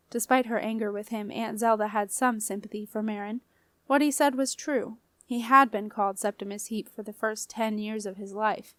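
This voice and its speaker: A woman reading an audiobook aloud in a measured storytelling way. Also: medium pitch, steady tone, no room sound. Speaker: audiobook reader. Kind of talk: scripted audiobook narration.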